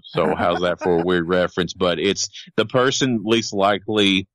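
Very deep-voiced man musing slowly. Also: level tone, fairly bright tone, no echo. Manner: thoughtful, hesitant, repeats words. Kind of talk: casual podcast chat.

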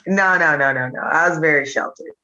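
A woman from Chattanooga, a comedian guest telling animated, jokey stories in casual chat. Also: low-pitched, slight background noise. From Chattanooga, Tennessee. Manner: animated, jokey, rapid bursts. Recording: dull lo-fi sound.

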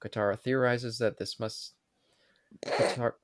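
A man's voice: medium pitch, level tone, unhurried, no echo. A man hosting a podcast, tipsy from wine, reads an episode recap. He stumbles, restarts and swears at his own slips. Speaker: podcast host.

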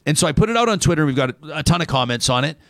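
A man in his thirties hosts a casual talk show. He talks in an animated, joking way, with a voice that sits a little high for a man. The studio sound is close and dry. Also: rapid-fire, no echo. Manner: animated, joking, reading lists aloud.

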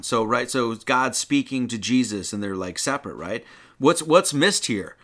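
Male preacher, lively bright delivery, sermon teaching with rhetorical questions. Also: medium pitch, normal speed. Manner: animated teaching, rhetorical questions, quoting scripture.

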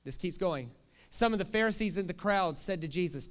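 A male pastor preaches with a light, joking touch, tossing rhetorical questions at his listeners. His voice sits a bit high, and his delivery swings from playful asides to plain explanation. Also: fairly quick, clean tone. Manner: jokey, animated, asks the crowd questions. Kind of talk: sermon.

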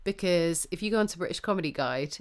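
A woman's voice: fairly low pitch, fast talker. Passionate, sweary woman co-host. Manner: swears freely, passionate and animated. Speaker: podcast co-host. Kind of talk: heated casual conversation.

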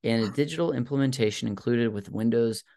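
A man's voice: medium pitch, fast talker, gravelly, darkish tone. A man hosting a casual podcast, sharing facts in a rambling, hesitant way with many fillers and self-deprecating asides. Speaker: podcast host.

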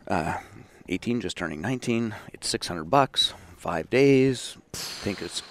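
A man in his fifties from Saskatchewan, a podcast guest telling his story in a lively, self-deprecating way. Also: fairly low pitch, unhurried, dry recording. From Saskatchewan, Canada. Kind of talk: casual storytelling.

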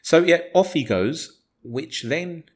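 A man's voice: a little high, expressive, takes it slowly, breathy edge. A man co-hosting a football podcast, talking with passion, arguing his point hard and swearing freely. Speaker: podcast co-host. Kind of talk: casual football podcast chat.

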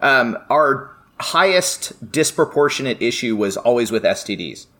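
A man's voice: mid-range voice, lively intonation, measured pace, very noisy. Chatty male epidemiology professor. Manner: chatty storyteller, laughs often. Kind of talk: casual podcast chat.

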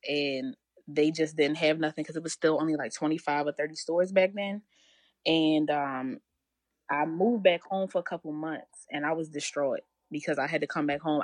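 A woman in her thirties from Baltimore County, USA, speaks with a Baltimore accent as a guest in a casual chat, chatty and laughing often, saying "like" a lot. Her voice is deep, and the recording is dry and studio quality.

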